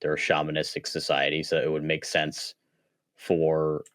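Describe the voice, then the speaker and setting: A man with a low, deep voice talks eagerly as a podcast guest, tossing in "like" again and again and restarting his sentences. His voice sounds dry and close, with no room echo. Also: completely flat delivery, moderate pace, fairly bright tone. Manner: eager, many "like" fillers and restarts. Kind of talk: casual chat.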